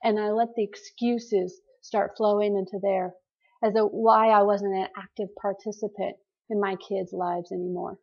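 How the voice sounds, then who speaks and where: A woman's voice: mid-range voice, fairly even intonation, normal speed, dull audio. A woman hosting a group call and giving an earnest, preachy motivational talk straight to her listeners.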